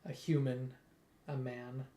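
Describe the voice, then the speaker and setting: A man's voice: mid-range voice, little pitch movement, slow pace, dark tone. Game master man in an echoey room. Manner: plain, slightly hesitant narration. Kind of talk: narrating a tabletop game. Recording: roomy echo.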